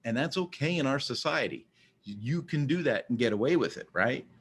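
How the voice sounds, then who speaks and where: A man's voice: medium pitch, animated, a little fast, slight background noise. A man in a casual monologue, rambling and often repeating words as he starts a sentence. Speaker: vlogger.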